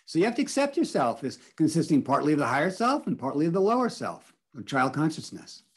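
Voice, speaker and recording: A man's voice: a little high, huge pitch swings, fast, husky. A man leading an online spiritual workshop on a video call, encouraging the group and repeating back their answers. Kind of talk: teaching an online group session.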